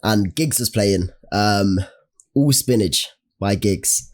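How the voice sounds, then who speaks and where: Young man, podcast co-host, lively casual storyteller. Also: fairly low pitch, slow pace. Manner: animated storytelling with London slang. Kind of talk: casual chat.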